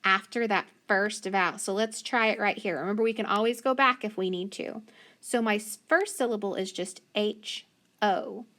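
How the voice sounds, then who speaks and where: A woman teaching a phonics lesson, slowly and patiently sounding out letters and syllables. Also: medium pitch, fairly bright tone.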